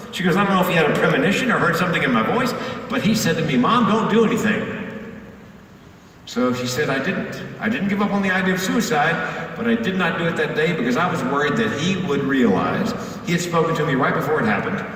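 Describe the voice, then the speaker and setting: A man's voice: fairly high pitch, a bit bright. A man giving a keynote speech as a public speaker and comedian, telling a story with punchy comic timing. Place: large conference hall. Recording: echoey hall, distant mic, faint room noise.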